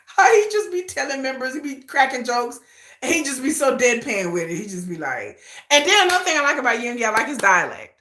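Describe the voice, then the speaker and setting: A woman's voice: high voice, sing-song, fairly quick, sharp tone, reverberant. A woman hosting a casual livestream, gushing and laughing as she acts out quotes. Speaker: livestream host.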